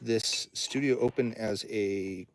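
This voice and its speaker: Male studio owner, casual livestream host, slightly low voice, rambling chat, reads chat comments aloud. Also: takes it slowly, slight background noise. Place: home recording studio.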